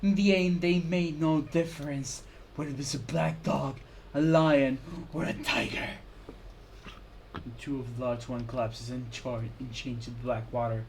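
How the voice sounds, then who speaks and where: A woman streamer giving an intense dramatic reading of a visual novel, swinging from hushed whispers to loud cries. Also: a bass voice, steady tone, measured pace, background noise. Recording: clear background music.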